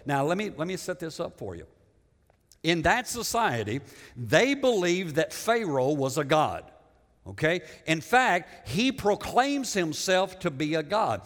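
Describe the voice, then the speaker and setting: A man's voice: a little high, big pitch swings, a little slow, fairly bright tone. A middle-aged man preaching a sermon in a conversational way, repeating words and putting questions to the congregation. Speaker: pastor. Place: church sanctuary. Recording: long church reverb.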